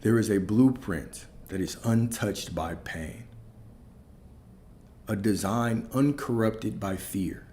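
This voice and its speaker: A man's voice: on the low side, takes it slowly, mellow, slight background noise. A man giving a spiritual talk as a coach, preaching emphatically, repeating key phrases and asking rhetorical questions.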